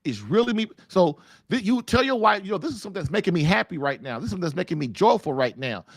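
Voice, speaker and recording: Animated gravelly-voiced man giving marriage advice. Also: high voice, fast, no echo. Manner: emphatic, folksy coaching, repeats himself and says "like" often. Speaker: host of a call-in marriage advice show.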